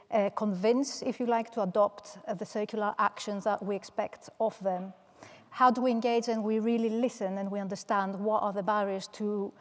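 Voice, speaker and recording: A woman from Manchester moderating a panel discussion, speaking in a measured way with frequent "uh" fillers. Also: medium pitch. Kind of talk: panel introduction. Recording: long hall reverb.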